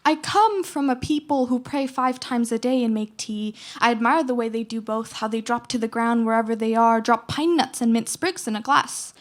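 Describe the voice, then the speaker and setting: Teenage girl, spoken word poetry, high-pitched, rhythmic emphatic delivery, dramatic pauses. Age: teens. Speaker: slam poet.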